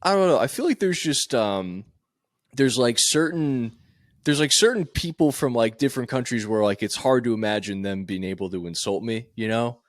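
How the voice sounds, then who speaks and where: A man's voice: mid-range voice, animated, normal speed, no echo. A man co-hosting a casual podcast, teasing his co-host and ranting with lots of swearing. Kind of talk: casual chat.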